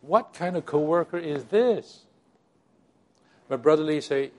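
A man's voice: a little high, expressive, unhurried. An older man speaking to a church gathering, recalling its early history in a rambling way, full of restarts and direct asides to his listeners. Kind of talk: sermon-style recollection.

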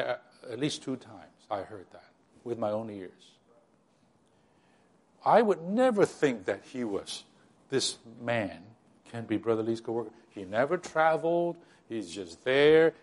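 In an unhurried, sing-song manner at medium pitch, pausing often, an older man recounts the early history of a church to its gathering. He rambles like a sermon, restarting and addressing his listeners directly along the way.

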